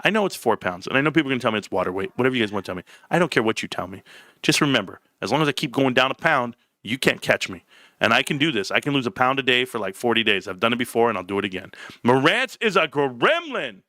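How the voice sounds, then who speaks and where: A brash man hosts a casual livestream, joking with his viewers. His pitch swings wildly from low mutters to high yelps, and his voice is bright and sharp. The sound is dry and close. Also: lively intonation, racing, no echo. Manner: brash, joking, jumps between low mumbles and high outbursts. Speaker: livestream host.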